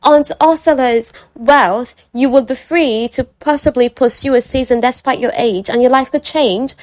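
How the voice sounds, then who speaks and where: A woman performs an excitable young Regency lady, gushing and breathless, her voice lifted well above normal. The sound is dry and close. She runs on with dramatic urgency. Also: high-pitched, moderate pace, no room sound, pitched above the performer's own voice, lightly acted.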